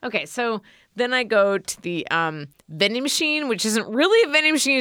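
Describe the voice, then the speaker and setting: A woman's voice: a little high, a bit bright, clear, resonant tone, no echo, clean studio sound. A woman co-hosting a casual chat, telling a story in a chatty, self-mocking way. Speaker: podcast co-host.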